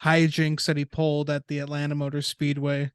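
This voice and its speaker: A man's voice: a little high, fairly quick, clear, resonant tone, no echo, clean studio sound. A man co-hosting a racing podcast, talking casually, swearing and laughing as he goes. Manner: relaxed, swearing, laughing often. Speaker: podcast co-host.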